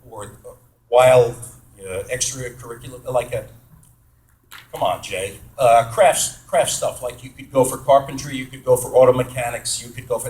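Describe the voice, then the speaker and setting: A man from New York State, an actor, telling stories casually to fans at a Q&A. He is chatty and animated, pokes fun at himself, and acts out the voices of people he quotes. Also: medium pitch. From New York State, USA. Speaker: actor answering fan questions. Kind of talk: casual storytelling at a Q&A panel. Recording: roomy echo of a hall.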